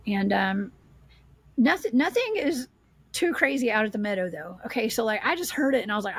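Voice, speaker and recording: A woman, a paranormal investigator, telling her story as a guest in a casual podcast chat, animated and rambling. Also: fairly high pitch, fast, no room sound.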